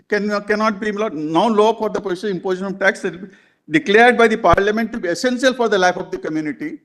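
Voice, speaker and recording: A man arguing a legal case before a court, calling the bench "my lord" again and again, with halting restarts, recorded in a courtroom. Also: sits high, a bit bright.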